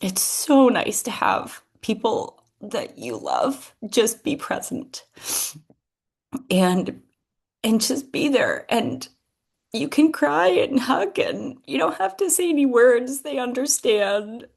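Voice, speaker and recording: Woman, podcast host, personal monologue, hesitant, emotional, soft laughs. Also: fairly high pitch, big pitch swings, slow pace, creaky, husky. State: tearful at moments.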